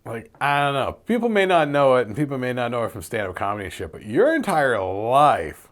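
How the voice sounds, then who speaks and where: A man's voice: medium pitch, sing-song, fairly quick. A man co-hosting a podcast in casual chat, rambling and swearing casually, trailing off into asides. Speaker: podcast co-host.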